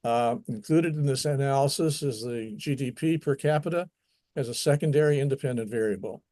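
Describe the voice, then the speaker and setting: An American man from Kentucky hosting a casual talk show, hesitant and filling pauses with "uh" and "um". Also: medium pitch, mellow, no room sound, studio quality. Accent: American English. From United States. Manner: hesitant, lots of uh and um fillers. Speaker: host. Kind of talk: casual chat.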